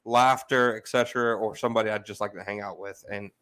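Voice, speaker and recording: A man co-hosting a podcast, talking in a casual, rambling and animated way. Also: on the low side, noisy background. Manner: animated, rambling, quick asides. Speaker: podcast co-host. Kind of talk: casual chat.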